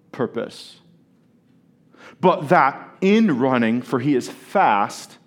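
A male pastor preaching a sermon at a church service, earnest and deliberate, leaning on key words with long pauses, and joking easily with his congregation. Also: medium pitch. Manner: playful banter with the congregation.

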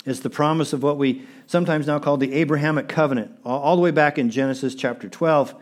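A man's voice: on the high side, steady tone, quick pace. A pastor preaching a sermon, emphatic and repeating phrases for stress while he speaks straight to his congregation.

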